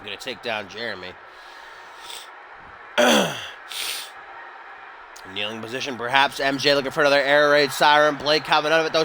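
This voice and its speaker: A young man doing casual, excitable play-by-play commentary for a wrestling video game, shouting on the close calls. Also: medium pitch, moderate pace, pauses often, slight background noise. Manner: excitable, rises to near-shouting on near-falls; casual asides and swearing between calls.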